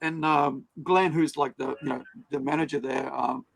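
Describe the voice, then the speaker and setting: A New man hosts a relaxed livestream chat over a video call, his voice sitting a little high with a gravelly edge. He tells his stories in an animated way. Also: normal speed, low-quality recording. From New Zealand. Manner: animated storyteller, acts out quoted people. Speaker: host.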